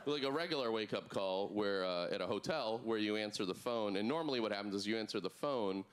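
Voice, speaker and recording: Man with a lively, bouncing delivery. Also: lowish voice, fairly quick, smooth. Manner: deadpan, with lively put-on quoted voices. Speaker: stand-up comedian. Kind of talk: stand-up comedy set. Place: comedy club stage.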